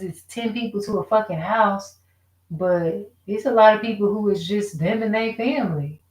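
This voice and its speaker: A woman venting in a casual, rambling rant, frustrated and profane, full of rhetorical questions. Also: mid-range voice. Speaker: vlogger. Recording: echoey room.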